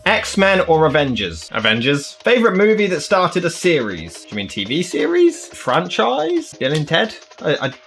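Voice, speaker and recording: A man rattles through fan questions with blunt, sweary punchlines. His pitch swings widely as he jokes. Soft music plays underneath. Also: huge pitch swings, creaky. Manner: blunt, sweary, quick comic answers. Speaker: YouTube reviewer answering fan questions. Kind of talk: casual comedic Q&A.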